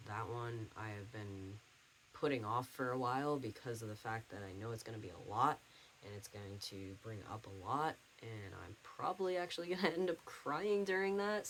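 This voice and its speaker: A man's voice: medium pitch, fairly bright tone, slight background noise, rough recording. Rambling young man in a casual vlog. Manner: rambling, many fillers and restarts. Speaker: vlogger. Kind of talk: casual life-update vlog.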